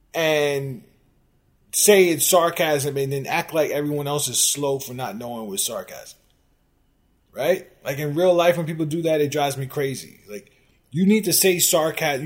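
Exasperated man ranting about fan comments. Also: on the high side. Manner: exasperated, sarcastic, rising to loud outbursts. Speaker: sports podcast host.

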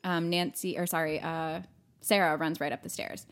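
A woman's voice: deep voice, flat delivery. A woman co-hosting a podcast, casually recapping a film and acting out lines from it. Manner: retells scenes with quick acted quotes and laughs. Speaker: podcast co-host. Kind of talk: casual movie recap chat.

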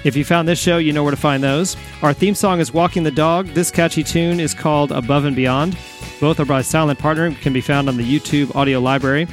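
A man's voice: fairly high pitch, fairly even intonation, a little fast, faint music behind. A man co-hosting a podcast in casual chat, friendly and encouraging. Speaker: podcast co-host.

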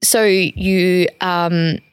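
A woman's voice: on the low side, steady tone, extremely slow, smooth, dry recording, studio quality. A woman coach giving a casual, emphatic motivational talk, chatty and often restarting her sentences. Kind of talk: motivational monologue.

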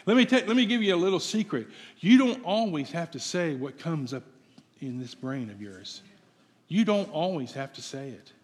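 A man's voice: fairly high pitch, sing-song, moderate pace, breathy edge. A man preaching a sermon in a conversational, playful way, asking his congregation questions. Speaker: pastor. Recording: long hall reverb.

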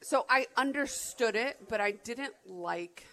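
A woman's voice: a little high, lively intonation, measured pace, sharp tone, rough recording. Woman in her 30s, from arizona, casual podcast chat, rambly with tons of "like"s. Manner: rambling with many filler "like"s and restarts. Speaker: podcast co-host.

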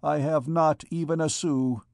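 A miserable ragged young poet, as a male reader gives him voice, stammering and pleading softly. He sounds beaten down and anxious. Slow, close and dry delivery. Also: fairly high pitch, steady tone, creaky, no room sound, voice pushed up.

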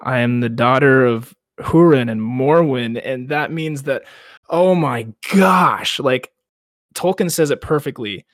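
Young male podcast co-host, casual, animated storyteller, dry mic. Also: mid-range voice, normal speed, hardly any pauses, dry recording. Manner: animated retelling, acts out quotes, laughs often. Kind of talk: casual book discussion.

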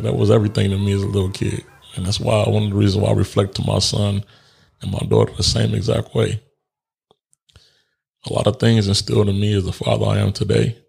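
A man's voice: lowish voice, vocal fry, a little mellow, breathy edge. A man telling a personal story in a candid, reflective way, laughing often and swearing casually as he works through grief. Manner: reflective and grieving.

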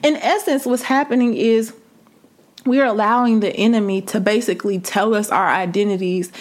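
A woman's voice: mid-range voice, fairly even intonation, moderate pace. A woman preaching a sermon, building fervor through repeated rhetorical questions. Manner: impassioned, repetitive rhetorical questions.

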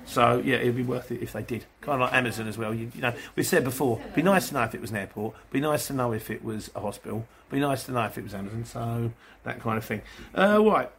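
A man's voice: mid-range voice, fast talker, vocal fry, few pauses, fairly bright tone. A man, a van delivery driver, chatting casually to viewers in a rambling way and acting out exchanges with customers. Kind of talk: casual vlog answering viewers.

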